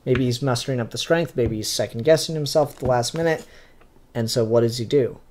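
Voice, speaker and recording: A man's voice: medium pitch, brisk, darkish tone. A young man giving a casual comic book review in a blunt, ranting, profane manner.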